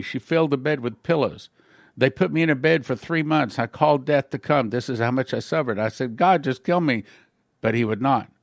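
A man's voice: medium pitch, vocal fry, dry recording, studio quality. A man, a pastor, earnestly retelling a first-person testimony as a story for his listeners.

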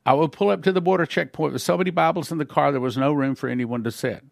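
Earnest pastor telling a testimony. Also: male voice, fairly high pitch, steady tone, fast talker, vocal fry, no echo, studio quality. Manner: earnest storytelling. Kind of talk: retelling a first-person testimony.

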